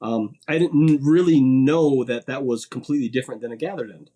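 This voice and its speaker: A man's voice: medium pitch, fairly quick, warm tone. A man chatting casually as a podcast guest, rambling a little and repeating words as he starts his sentences.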